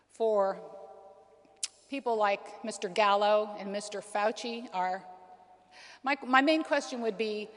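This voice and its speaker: A woman in her forties giving an earnest personal testimony at a conference, with frequent ums and restarts. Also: medium pitch. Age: 40s. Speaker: conference speaker. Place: conference hall. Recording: reverberant hall.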